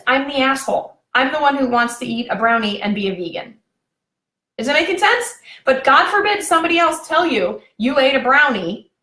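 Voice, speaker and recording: A woman's voice: high voice, bright, forceful tone, reverberant. A woman talking casually to her viewers, giving relationship advice with lots of fillers and direct questions. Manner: chatty, addresses viewers directly with frequent fillers. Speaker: relationship vlogger.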